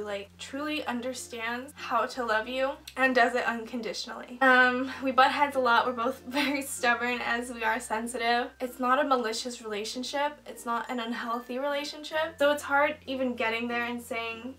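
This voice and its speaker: A woman's voice: fairly high pitch, fairly even intonation, moderate pace, few pauses, bright, forceful tone. Young woman, candid and a bit far from the mic. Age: 20s. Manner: candid, heartfelt, rambling with many "like"s. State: getting emotional, choked up. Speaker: beauty vlogger. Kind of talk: get-ready-with-me vlog chat. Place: indoors at home, doing makeup.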